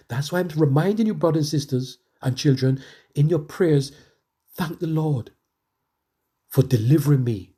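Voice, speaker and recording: Emphatic male preacher, mellow voice. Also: fairly high pitch, moderate pace. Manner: emphatic, conversational, repeats phrases for emphasis. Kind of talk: sermon testimony.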